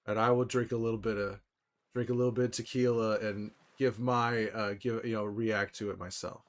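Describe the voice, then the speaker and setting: A man livestreaming casually to his viewers, rambling excitedly with frequent restarts and laughs. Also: on the low side, normal speed. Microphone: desktop microphone.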